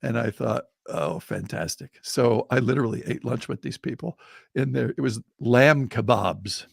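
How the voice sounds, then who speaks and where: An older man telling a story across a podcast table, animated and lively, slipping into the voices of the people he describes. His voice sits at a middle pitch. The sound is dry and close, with no room around it. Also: normal speed, creaky, breathy edge, dry recording. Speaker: storyteller and co-host. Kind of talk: casual storytelling.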